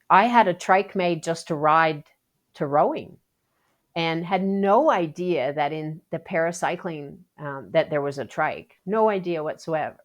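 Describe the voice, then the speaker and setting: A woman from Canada, a Paralympic athlete guest telling her story in a casual podcast interview, acting out quotes with lots of restarts. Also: low-pitched. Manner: animated storyteller, acts out quotes, frequent restarts.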